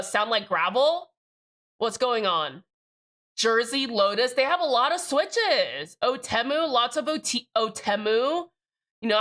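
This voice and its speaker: A young woman with a bright, ringing voice, pitched a little high, talks to her stream in a loose, rambling way. She swears freely and hops from one thought to the next. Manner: rambling, profane, chatty. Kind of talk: casual live-stream chat.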